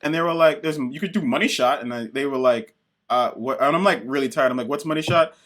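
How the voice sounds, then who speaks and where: A man co-hosting a podcast, reviewing comics in excited, profane casual chat and acting out characters in quick bits. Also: on the high side. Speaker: podcast co-host.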